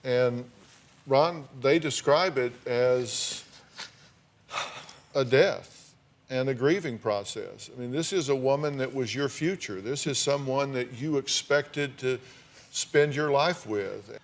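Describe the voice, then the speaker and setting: A man's voice: medium pitch, slow pace. A man hosting a daytime talk show, asking pointed, probing questions of his guests.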